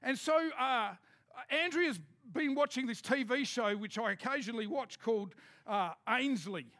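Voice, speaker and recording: A man preaching a sermon to his congregation in a lively, joking, conversational way. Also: extremely high pitch, moderate pace. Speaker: pastor. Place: church hall with a congregation.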